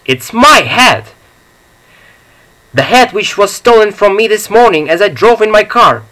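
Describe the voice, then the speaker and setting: A man's voice: high-pitched, expressive, measured pace, sharp tone, pitched above the performer's own voice, full character voice, rough recording. A man voicing a pompous elderly male nerve specialist in an audiobook, formal and indignant. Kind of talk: audiobook reading.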